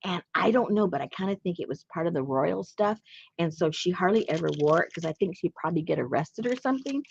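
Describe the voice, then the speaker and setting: A woman's voice: on the low side, expressive, fast, gravelly, husky, dull audio. A woman hosting a craft channel, chatting casually and playfully while showing a handmade journal. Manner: playful and chatty, laughs often.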